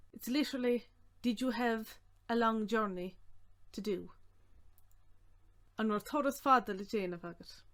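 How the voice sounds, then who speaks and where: A woman with an Irish accent teaching a language lesson, saying phrases slowly and repeating them word by word before explaining them. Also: medium pitch. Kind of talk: slow, clear language lesson.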